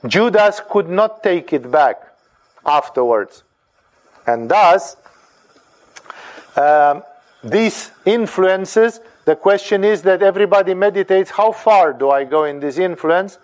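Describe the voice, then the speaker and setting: A man giving a deliberate, emphatic sermon-like commentary on scripture, often repeating phrases. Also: high-pitched. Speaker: spiritual teacher.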